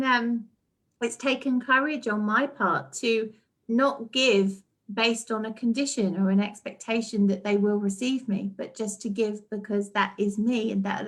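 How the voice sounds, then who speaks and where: A woman's voice: medium pitch, a bit bright. Woman guest, mid voice, earnest and reflective, lots of restarts. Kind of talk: casual heartfelt chat.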